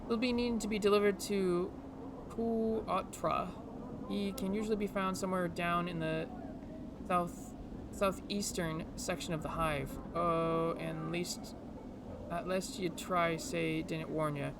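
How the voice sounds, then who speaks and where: A man's voice: sits high, fairly even intonation, a little slow, vocal fry, noisy background. Man putting on a lilting ragged beggar. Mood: warning. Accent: put-on Scottish-Irish lilt. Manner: pleading, urgent. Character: grimy ragged male beggar, pleading and shifty.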